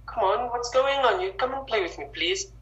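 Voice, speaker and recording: A woman's voice: fairly high pitch, lively intonation, normal speed, a bit bright, echoey room, highs cut off, pitched above the performer's own voice. A woman voicing a little four-year-old boy who begs his father to come and play. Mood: pleading. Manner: begging, whiny.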